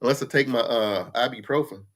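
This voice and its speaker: Speaking into a computer mic, a livestream host in his 50s rants bluntly with plenty of profanity during a casual chat. His voice is medium-pitched, a little fast, and a bit bright.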